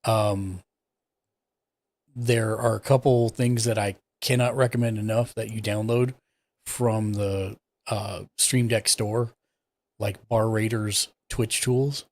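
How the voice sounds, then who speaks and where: A man's voice: lowish voice, takes it slowly, dry recording. A man hosting a live stream, casually explaining his setup step by step as he clicks through it. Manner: relaxed, explains step by step while clicking around. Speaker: streaming tech support host.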